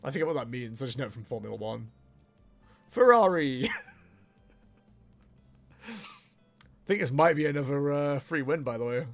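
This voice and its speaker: A man's voice: medium pitch, expressive, normal speed, gravelly, long pauses, soft background music. A young man chatting casually on a livestream while he plays, laughing often and poking fun at himself. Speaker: streamer.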